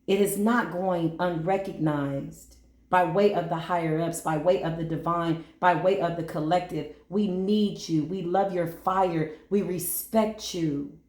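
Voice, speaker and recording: A woman giving an animated astrology and numerology reading, speaking straight to her listeners in a preachy way and acting out quoted voices. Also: fairly low pitch, measured pace, echoey room. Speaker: spiritual reader.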